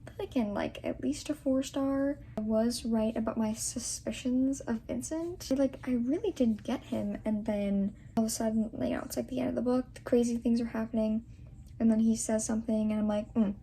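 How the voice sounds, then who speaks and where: A young woman chatting casually in a reading vlog, gushing about books, sometimes dropping to soft half-whispered asides. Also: a little high, fairly even intonation, moderate pace, slight background noise, poor audio. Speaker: book vlogger.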